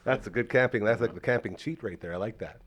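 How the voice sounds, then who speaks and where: A man's voice: fairly low pitch, quick pace. A man from Canada hosting a local podcast, upbeat and effusive as he thanks guests and signs off. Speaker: podcast host. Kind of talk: casual chat.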